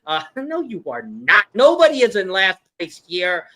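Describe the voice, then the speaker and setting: A man's voice: high-pitched, huge pitch swings, measured pace, pushed and bright. A man hosting a casual live-stream game show, laughing often and reading viewer chat aloud.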